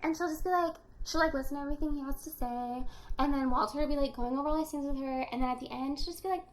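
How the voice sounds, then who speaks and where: A woman's voice: high voice, racing. A young woman casually recapping a story on a book podcast, acting out the characters' lines with lots of fillers.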